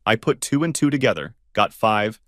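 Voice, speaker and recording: This narrator, a man, reads a first-person story at a moderate pace, handling every role himself and raising his pitch whenever a question sounds alarmed. His delivery is animated and his voice a little bright, in studio-quality audio with no echo.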